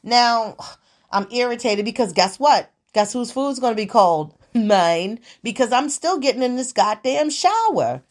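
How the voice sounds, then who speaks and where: Woman, host, sassy and profane, lively swinging pitch, casual monologue. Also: measured pace. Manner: profane, animated, sassy storytelling. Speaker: podcast host.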